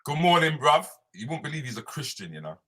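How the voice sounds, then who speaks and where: A comedian hosting a live stream speaks in a fairly high voice and talks fast. He's animated and loose, chatting in slang and greeting viewers directly by name.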